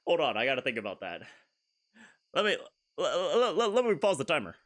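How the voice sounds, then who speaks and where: A man's voice: on the high side, huge pitch swings, fairly quick, a bit bright. A man streaming a game in casual chat, self-deprecating and giggly, often stammering and restarting his sentences.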